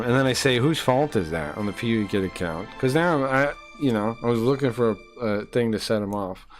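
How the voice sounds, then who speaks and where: A male streamer tells a story in a casual, rambling way and swears often. His voice sits at a middle pitch and he keeps the story moving with fillers. Faint music plays under his talk. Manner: rambling, animated, profane.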